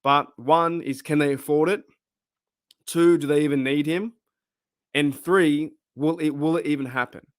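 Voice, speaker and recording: A fairly high-pitched Australian man speaks a little slowly with fairly even intonation, chatting casually to camera and rambling as he asks his fan channel's viewers questions. The sound has no echo and is clean studio audio.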